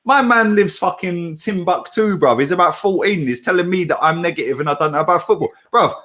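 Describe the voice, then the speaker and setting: A middle-aged man talking in a brash, animated way, swearing and using slang. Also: sits high, a little fast. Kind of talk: casual chat.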